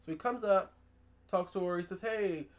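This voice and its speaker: A woman hosting a podcast, recapping a horror movie in casual chat, animated and emphatic, with slang and side comments. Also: on the low side, a little fast. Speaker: podcast host.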